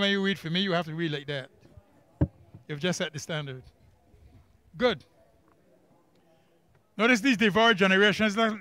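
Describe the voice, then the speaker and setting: Bright-voiced Barbadian man teaching class. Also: high-pitched, clean tone, no echo. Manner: quizzes the class with quick questions and emphatic repeats. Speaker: Bible study teacher. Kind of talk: church camp workbook lesson. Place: camp classroom.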